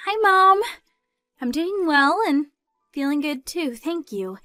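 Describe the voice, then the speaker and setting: A young woman voicing a polite, gentle pregnant younger sister in a scripted story dub. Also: sits high, animated, takes it slowly, no echo, studio quality, faint music behind, heavily acted.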